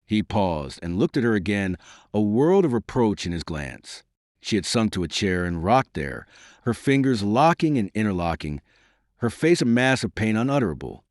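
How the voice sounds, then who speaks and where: Low-voiced man narrating an audiobook. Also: big pitch swings, normal speed, darkish tone, no room sound, clean studio sound.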